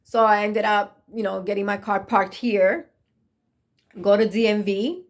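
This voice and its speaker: A woman's voice: medium pitch, measured pace. Thirties woman, casual vlog testimony, earnest and emotional delivery. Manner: earnest, emotional, repeats herself for emphasis. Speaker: vlogger sharing a testimony. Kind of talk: casual personal storytelling.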